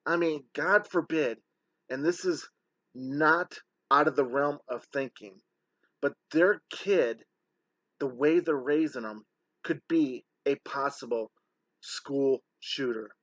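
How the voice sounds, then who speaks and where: A man's voice: a little high, slow pace, fairly bright tone, dry recording. Scornful man, dull dry recording. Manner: scornful, heated, insulting. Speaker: online scam-exposing commentator. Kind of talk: indignant commentary voice-over.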